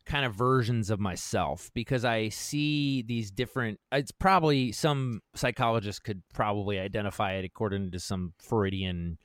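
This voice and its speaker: A man's voice: on the low side, moderate pace, hardly any pauses, no echo. Earnest rambling man, dry close mic. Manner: earnest, rambling, gets fired up when reading. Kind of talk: casual chat, reading a personal manifesto aloud.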